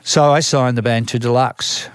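A man's voice: medium pitch, steady tone, normal speed, clean tone, no room sound, studio quality. An older Australian man who manages a band, telling long rambling stories from his career in a casual interview, full of restarts and acted-out quotes.

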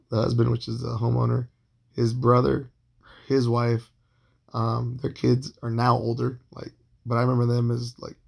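A man in his late thirties telling a long personal story in a casual, profane, rambling way, full of fillers and restarts. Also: medium pitch. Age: 30s. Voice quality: gravelly, husky voice.

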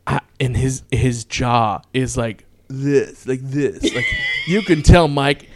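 A man's voice: mid-range voice, takes it slowly, no echo. A man casually telling a wild night-out story, swearing freely and breaking into laughter. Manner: profane, laughing, quotes people in voices.

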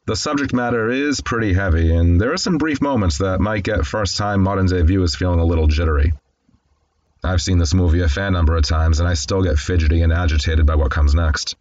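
A man's voice: low-pitched, brisk, a little mellow, muffled recording. A man casually recapping a classic film, candid and conversational with wry asides. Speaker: film commentator.

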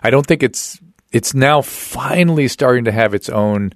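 A man hosting a podcast interview, reflecting out loud in casual chat and often restarting his sentences. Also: mid-range voice, moderate pace, no echo, studio quality. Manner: reflective, thinks aloud with restarts. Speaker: podcast host.

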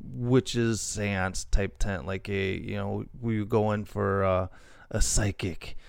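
A man with a low, gravelly voice chats loosely as a podcast co-host. He rambles and restarts often, full of fillers. The sound is dry and close. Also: fairly even intonation, slow pace, no echo. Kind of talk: casual chat.

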